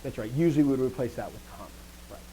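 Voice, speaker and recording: A man teaching a live grammar lesson, explaining step by step, often answering students with quick affirmations and dry joking asides. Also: mid-range voice, warm tone, slight background noise, low-quality recording. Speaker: language teacher.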